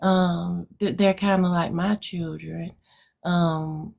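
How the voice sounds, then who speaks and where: Slow, reflective woman with rural Alabama accent. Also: on the low side, steady tone, gravelly, darkish tone, a little hiss or hum. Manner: slow, reflective, many hesitant fillers. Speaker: guest poet. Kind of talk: casual interview chat.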